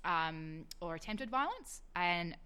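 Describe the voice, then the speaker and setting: A woman on a book chat show, talking through a book with many pauses and restarts. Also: lowish voice, big pitch swings, pushed and bright, clear, resonant tone. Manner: hesitant, many ums and restarts. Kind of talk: casual radio chat.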